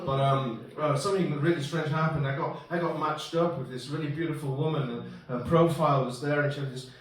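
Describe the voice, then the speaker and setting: A man's voice: a little high, steady tone, brisk, a crowd in the background. A man doing stand-up comedy in a pub, rambling and self-deprecating as he acts out bits of dialogue. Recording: roomy echo from far off.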